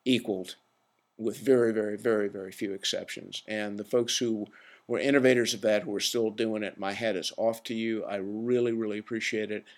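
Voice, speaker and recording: A man with a lowish, fairly even-toned voice talks briskly through a casual solo podcast monologue, an opinionated, meandering rant where he's quick to knock himself.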